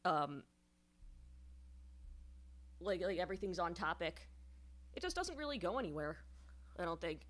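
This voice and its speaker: A woman's voice: lowish voice, lively intonation, measured pace, pauses often. Rambling New woman streamer. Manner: rambling, many fillers and restarts, explanatory. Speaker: streamer giving songwriting feedback. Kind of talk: casual livestream critique.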